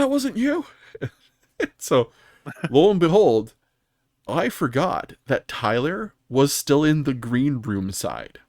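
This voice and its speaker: A man's voice: medium pitch, no echo, studio quality. A man hosting a casual gaming podcast, telling stories in a rambling way with many ums and restarts. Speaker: podcast host.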